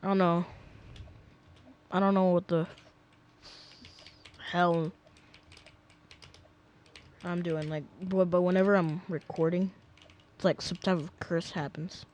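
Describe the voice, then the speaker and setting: Slow rambling young gamer. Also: male voice, sits high, little pitch movement, a little mellow. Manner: rambling, easily sidetracked, frequent fillers. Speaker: gameplay commentator. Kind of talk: casual gameplay commentary. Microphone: desk mic.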